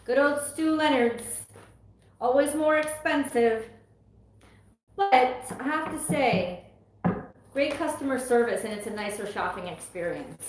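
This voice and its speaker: A woman from the US East Coast giving a casual live tarot reading, chatty, laughing often and exclaiming as the cards come up. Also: fairly high pitch. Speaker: tarot reader on a livestream. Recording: very echoey room.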